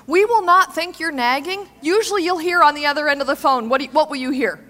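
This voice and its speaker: A woman giving a seminar talk to a live audience, animated, asking the audience questions and acting out what people say. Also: sits high, fast, hardly any pauses. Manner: animated, asks the audience questions and acts out quotes. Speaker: seminar speaker. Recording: long hall reverb.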